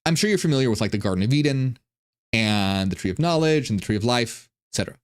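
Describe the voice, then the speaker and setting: A man talks through ancient religious texts in a loose, irreverent commentary, often restarting his sentences. His pitch swoops widely as he gets excited, around a mid-range speaking voice. He sounds like a casual online explainer. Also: fast talker, clean tone. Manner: animated, irreverent, stumbling restarts.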